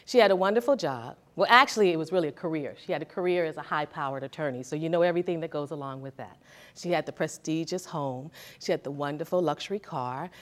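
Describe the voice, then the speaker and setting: A woman's voice: low-pitched, fast talker. A woman therapist giving a motivational talk to a seminar audience, talking conversationally and often checking in with the audience. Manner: conversational, asks the audience questions. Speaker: therapist and speaker.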